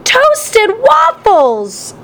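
A woman voicing a drowsy, distracted father who mumbles and sometimes shouts. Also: fairly high pitch, unhurried. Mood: shouting. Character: drowsy, distracted TV-watching dad.

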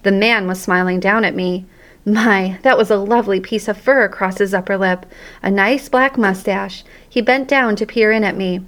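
A woman's voice: medium pitch, steady tone, moderate pace, a bit bright. Woman reading a children's storybook aloud. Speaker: narrator.

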